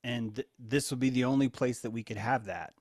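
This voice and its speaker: A man in a group discussion, answering thoughtfully and haltingly. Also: medium pitch, steady tone, a little mellow, dry recording, clean studio sound. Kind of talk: reflective casual discussion.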